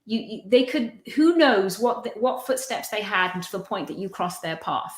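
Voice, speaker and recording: A woman speaks as a guest over a video call, chatty and full of personal anecdotes. Her voice sits at an ordinary pitch. The room around her adds a noticeable echo. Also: lively intonation, moderate pace. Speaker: guest feng shui consultant. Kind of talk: live-stream conversation.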